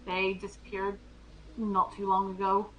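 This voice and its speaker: A woman speaking in character during a tabletop game, hesitant and full of pauses. Her pitch sits in a middle range, with a faint ambient hiss behind her. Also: completely flat delivery, lo-fi sound. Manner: hesitant, many pauses and fillers. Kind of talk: in-character tabletop role-play.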